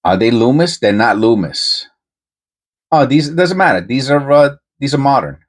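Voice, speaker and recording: A man's voice: medium pitch, big pitch swings, moderate pace. A man hosting a coin-hunting channel, talking casually and rambling with many restarts and self-interruptions. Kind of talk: casual commentary to camera.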